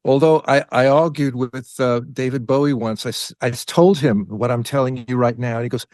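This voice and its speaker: A man in his eighties, with a New York accent tinged with British, tells studio stories as an interview guest in a relaxed, anecdotal way, slowing down to stress details. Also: medium pitch, no echo. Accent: New York English with a British tinge. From United States. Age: 80s. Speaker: guest, music producer. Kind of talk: conversational interview storytelling.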